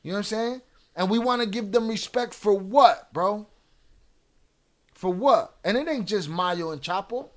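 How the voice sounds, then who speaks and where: A man's voice: sits high, measured pace, fairly bright tone. Fired-up man ranting. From United States. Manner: blunt, profane, ranting at chat. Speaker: live stream host. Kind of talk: heated live stream chat.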